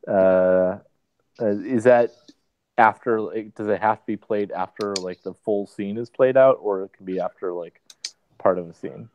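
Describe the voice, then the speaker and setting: A man player talking through a tabletop game scene, halting and full of fillers. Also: lowish voice, no echo. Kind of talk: casual tabletop game chat. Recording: dry dull lo-fi call audio.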